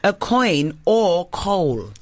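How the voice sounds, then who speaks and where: A woman's voice: fairly low pitch, big pitch swings, very slow, darkish tone. A woman hosting a casual quiz among friends, chatty and giggly, often laughing at her own slips. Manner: giggly, chatty, self-deprecating. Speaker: quiz host. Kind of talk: casual game-show chat.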